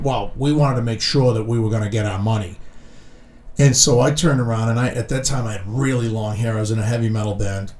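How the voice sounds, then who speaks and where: A middle-aged man spins a crude, animated story in easy conversation, swearing freely and playing every part. His voice sits at an ordinary pitch. The room around him rings with echo. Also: brisk, far from the mic, a little hiss or hum. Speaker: podcast co-host. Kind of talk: casual profane storytelling. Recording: echoey room.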